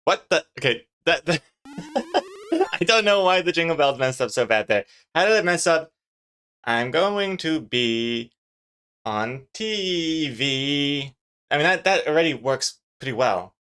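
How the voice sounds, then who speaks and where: A man's voice: a little high, sing-song, normal speed, fairly bright tone, slight background noise. Chatty man streaming while he draws. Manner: rambling, joking, lots of fillers. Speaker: webcomic artist streaming his drawing. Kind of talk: casual live-stream chat.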